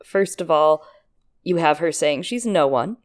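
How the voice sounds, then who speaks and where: Lower-voiced woman analyzing a chapter. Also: expressive, unhurried. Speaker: podcast co-host. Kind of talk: casual book discussion podcast.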